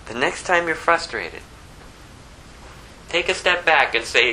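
Preacher from the US, sermon, forceful bright tone, drives points home with rhetorical questions. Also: mid-range voice, animated, measured pace, slight background noise, poor audio. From United States. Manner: emphatic, full of rhetorical questions.

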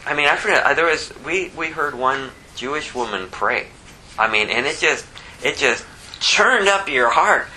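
A man teaching verse by verse from the Bible, lively and conversational, who chuckles at his own asides. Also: fairly high pitch, moderate pace, a little hiss or hum, poor audio.

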